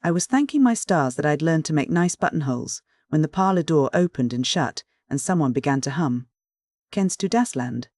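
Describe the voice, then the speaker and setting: A man reading a classic novel aloud as an audiobook narrator, in even, clear first-person storytelling. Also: fairly high pitch, fairly quick, few pauses, no echo, studio quality.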